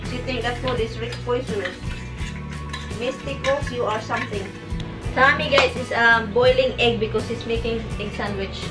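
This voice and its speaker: A woman's voice: a little high, fairly even intonation, normal speed. A woman from the Philippines with a Filipino accent, chatting animatedly and teasingly in a casual home vlog. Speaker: vlogger. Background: background music.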